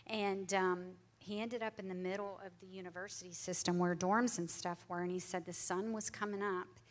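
A woman's voice: fairly low pitch, fairly even intonation, normal speed. A woman sharing her faith testimony with an audience, speaking earnestly and from the heart, sometimes dropping almost to a whisper. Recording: long hall reverb.

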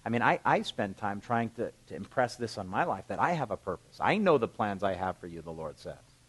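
A middle-aged male pastor preaching a sermon, reading scripture aloud and then explaining it in a relaxed, conversational way. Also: lowish voice, fairly quick, slightly rough, low-quality recording.

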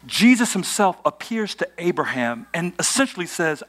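A male pastor with a high, brightly ringing voice preaches a sermon in a church. He spins stories, calls out questions to the congregation and lifts into energetic praise. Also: moderate pace, hardly any pauses. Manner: storytelling with audience call-and-response, rising to shouts of praise.

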